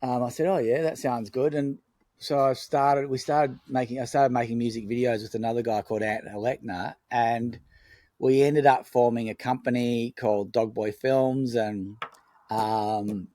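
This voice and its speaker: A male film director, a podcast guest, rambles through anecdotes in a casual storytelling interview, peppered with fillers and restarts. He has a medium-pitched, dark voice with fairly even intonation at normal speed, and the recording is dry.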